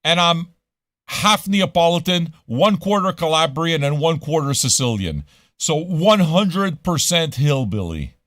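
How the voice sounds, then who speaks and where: A man's voice: a little high, a bit bright, no echo, studio quality. A man from Montreal hosting a casual livestream radio show, talking in a profane, rambling way and dropping into French now and then. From Montreal, Canada.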